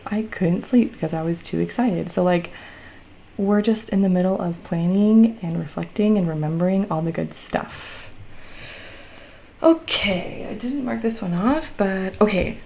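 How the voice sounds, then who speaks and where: A woman's voice: fairly low pitch, vocal fry, warm tone, slight background noise. A young adult woman, chatty and upbeat, walking viewers through her journal in a casual how-to vlog with lots of likes and ums. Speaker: bullet journal creator.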